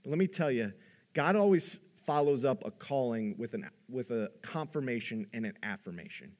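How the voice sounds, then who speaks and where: A man preaching a sermon in an earnest, conversational way, his voice rising for emphasis and dropping low for the quiet points. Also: expressive, normal speed. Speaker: pastor.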